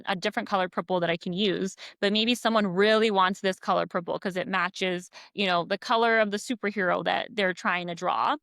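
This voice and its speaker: Brisk woman counselor, dry close sound. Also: mid-range voice, fairly bright tone, no room sound. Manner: brisk, explanatory, frequent "right?" tags. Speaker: child and family counselor. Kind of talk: advice talk to parents.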